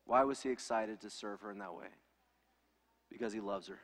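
A man's voice: lowish voice, huge pitch swings, moderate pace, creaky, long pauses, fairly bright tone. A pastor in his thirties preaching an earnest, emphatic sermon with lots of repetition. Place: church sanctuary. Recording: reverberant hall.

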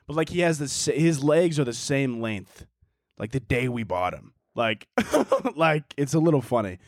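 A young man hosting a casual solo podcast from home, ranting in a profane, animated way and mocking people with quick impressions. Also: medium pitch, no echo, clean studio sound. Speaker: podcast host. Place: indoors at home.

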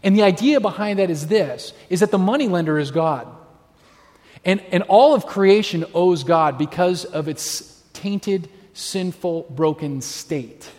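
A man's voice: high voice, lively intonation, measured pace, darkish tone. A man preaching a sermon, telling stories animatedly and acting out the voices of people he quotes. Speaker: pastor. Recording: long hall reverb.

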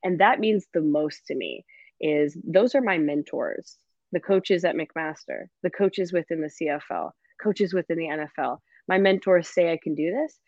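A woman coach talks in an animated way, laughing often and filling her sentences with "like". Her voice sits a little low and comes through a dull, lo-fi line. The sound is dry and close. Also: normal speed, dry recording. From Canada. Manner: animated and laughing, fills speech with "like". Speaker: football coach, guest. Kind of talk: casual interview chat.

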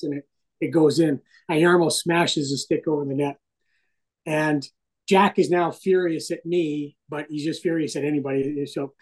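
A middle-aged man, a hockey broadcaster and interview guest, telling stories in a casual, animated way and swearing freely. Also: on the high side, low-quality recording.

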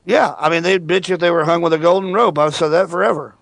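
A male radio host with a fairly high voice, bantering with callers in a joking, opinionated way. The sound is dry with no room echo. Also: steady tone, fast talker, gravelly, fairly bright tone. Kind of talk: casual call-in radio talk.

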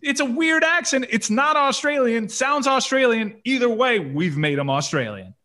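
A man's voice: extremely high pitch, sing-song, moderate pace, bright, forceful tone. A man co-hosting a casual movie chat, joking and playful. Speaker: podcast co-host.

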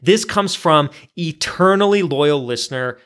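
A man's voice: fairly high pitch, lively intonation, unhurried, a bit bright. Chatty man hosting a podcast. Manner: reads listener mail aloud, chatty and self-deprecating. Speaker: podcast host. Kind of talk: casual podcast chat.

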